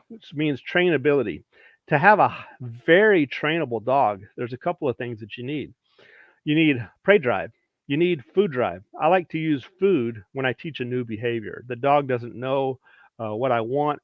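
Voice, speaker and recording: A man's voice: medium pitch, no echo. A man, a dog breeder and trainer, giving a practical instructional talk and repeating his points for emphasis. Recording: dull dry lo-fi sound.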